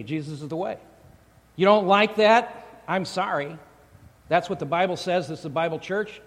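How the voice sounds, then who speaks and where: A man preaches with a fairly high voice, chatty and joking, often stopping to restart a phrase. His sermon carries a long reverb from a large church hall. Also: moderate pace. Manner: conversational, joking, frequent restarts. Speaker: pastor. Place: church sanctuary.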